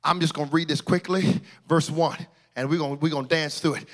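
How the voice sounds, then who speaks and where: A male pastor preaching a sermon, shouting in sing-song bursts and then dropping to quiet asides. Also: on the high side, steady tone, fairly quick.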